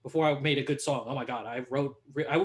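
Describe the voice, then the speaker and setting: A young man chatting as a podcast guest, animated and laughing, acting out quotes as he tells stories. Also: medium pitch, fast, soft background music. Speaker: podcast guest, hip hop artist. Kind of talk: casual conversation.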